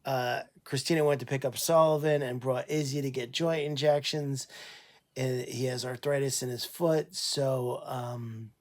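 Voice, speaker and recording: A man who runs an animal sanctuary, talking casually on a livestream, tired and unwell, halting with many fillers and restarts. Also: medium pitch, fairly even intonation.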